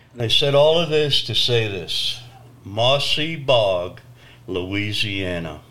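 A man recounts a personal testimony at an unhurried, deliberate pace. His delivery is dramatic, swinging between loud emphasis and hushed, near-whispered moments. His pitch sits in an ordinary middle range for a man. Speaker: traveling evangelist telling his story.

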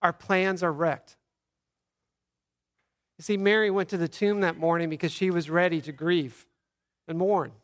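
A man, a pastor, giving an Easter sermon, telling the story earnestly and acting out quoted lines softly. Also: high-pitched, steady tone, unhurried, long pauses.

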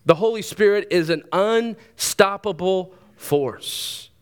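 A man in his thirties, a pastor preaching a sermon in a lively, conversational way, with quick asides and repeated words. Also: high-pitched, clear, resonant tone.

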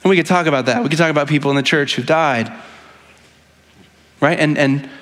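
Fairly quick and a bit bright, his voice sits on the high side. As a pastor, he preaches conversationally and earnestly, with frequent restarts and a habit of checking in with "right?"

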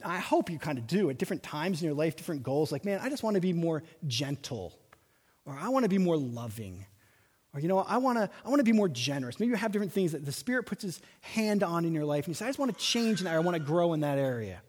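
A man preaching a sermon as pastor, animated, slowing down to stress his points. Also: a little high, breathy edge. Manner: animated preaching with slow emphatic stretches. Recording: long reverb of a large hall.

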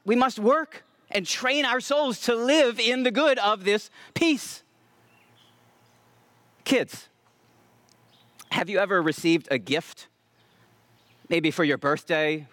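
A man with a high, light voice preaches a sermon, earnest and emphatic, leaning into key lines and drawing them out slowly. The sound is dry and close, with no room echo. He addresses the congregation directly. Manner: self-aware about preaching loudly. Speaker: pastor.

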